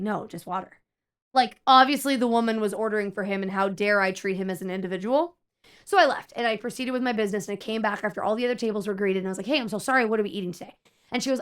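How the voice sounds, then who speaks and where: A young adult woman streamer telling a story in casual chat, animated and exasperated, acting out the people she quotes. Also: mid-range voice, clear, resonant tone.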